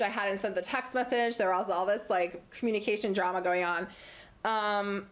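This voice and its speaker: A young woman hosting a community TV talk show, talking on her own in a playful, chatty way with many fillers. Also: medium pitch. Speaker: host. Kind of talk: solo talk-show monologue. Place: community TV studio.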